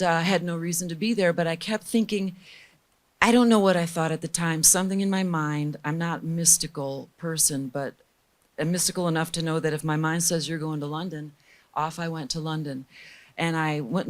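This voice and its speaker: Low-voiced woman telling candid stories. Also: normal speed. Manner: lively, candid storytelling, voicing the people she quotes. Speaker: guest recording engineer. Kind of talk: storytelling in a casual interview.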